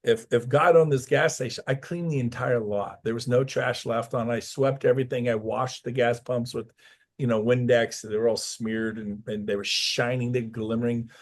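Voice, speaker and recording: A man's voice: medium pitch, steady tone, normal speed. A middle-aged man, a real estate coach, telling a personal story in a casual interview and acting out the voices of the people in it.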